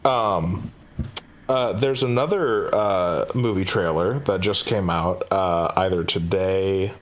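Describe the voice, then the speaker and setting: A man's voice: slow pace, slight background noise. A man co-hosting a podcast, recapping a trailer in casual chat, hesitant with lots of fillers. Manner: rambling, hesitant with many fillers, jumps high for quoted voices. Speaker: podcast co-host.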